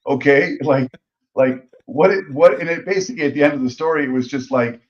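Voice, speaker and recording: A man's voice: on the high side, a little fast. A man co-hosting a podcast, talking casually and bluntly, wanting people to get to the point. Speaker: podcast co-host. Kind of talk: casual chat. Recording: dull lo-fi sound.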